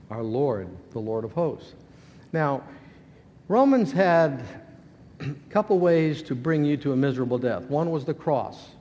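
A man's voice: a little high, a little mellow. Preaching man in a reverberant church. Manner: earnest preaching with pauses and rising emphasis, then prayer. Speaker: pastor. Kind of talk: sermon. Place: church sanctuary. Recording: long hall reverb, faint noise.

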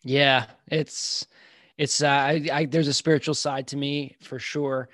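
A man's voice: medium pitch, little pitch movement, a little slow, a bit bright, no room sound, clean studio sound. A man from Long Island, a physical therapist guest on a podcast, telling stories in a rambling, enthusiastic way with many restarts. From Long Island, New York. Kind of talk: casual podcast conversation.

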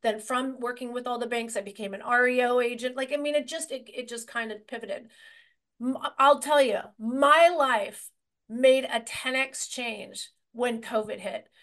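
Energetic rambling woman realtor. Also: fairly high pitch, normal speed. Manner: energetic and rambling, many restarts. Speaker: real estate agent, guest. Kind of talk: conversational storytelling interview.

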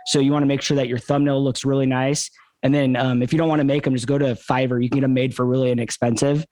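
A man's voice: mid-range voice, level tone, fast, darkish tone, no echo. A man co-hosting a podcast in casual talk, using many fillers like "uh" and "um". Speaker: podcast co-host.

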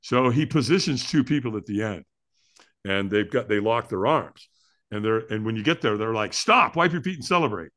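A man who is a podcast guest, telling a story in an excitable way, acting it out with sound effects and laughs. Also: fairly low pitch, moderate pace. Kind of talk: animated storytelling.

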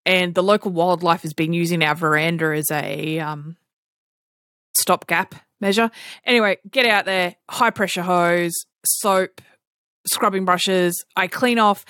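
An Australian woman co-hosting a podcast, chatting casually and telling animated stories, often laughing and acting out other people's voices. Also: fairly low pitch, unhurried, dry recording, clean studio sound. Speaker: podcast co-host. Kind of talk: casual chat.

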